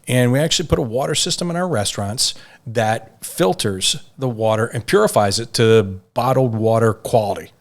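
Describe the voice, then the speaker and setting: A man's voice: mid-range voice, moderate pace. A man, a company chief executive, answering interview questions in an upbeat, assured way. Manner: upbeat, assured, steady explanation. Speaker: company CEO guest.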